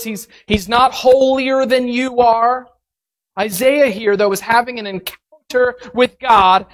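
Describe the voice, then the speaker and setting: A woman delivers a sermon with an expressive, storytelling manner. Her voice sits a little high and she takes her time, leaning into each line. She acts out reactions with big swings in her delivery. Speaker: preacher.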